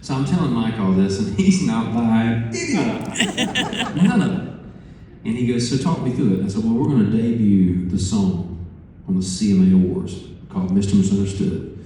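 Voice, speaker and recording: A man telling an animated story on stage, acting out phone calls with profane asides. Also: fairly low pitch, normal speed, a little hiss or hum. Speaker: musician interviewed on stage. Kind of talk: storytelling interview before a live audience. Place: large conference hall. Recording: echoey hall, distant mic.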